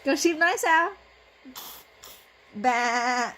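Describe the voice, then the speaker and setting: High-voiced, slow, coaxing Vietnamese mother. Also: expressive, a bit bright, slight background noise. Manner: coaxing, playful, laughing often, mixing two languages. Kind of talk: home video, bedtime play with a toddler.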